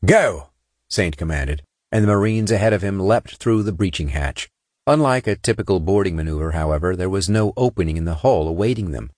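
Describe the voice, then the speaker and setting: Low-voiced male audiobook narrator. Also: fast, dry recording, studio quality. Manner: expressive storytelling, does character voices.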